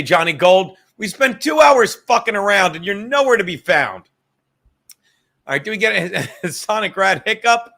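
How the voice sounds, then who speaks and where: High bright rambling profane male host. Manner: rambling, profane, laughs a lot, drinking on air. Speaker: podcast host. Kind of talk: casual profane chat.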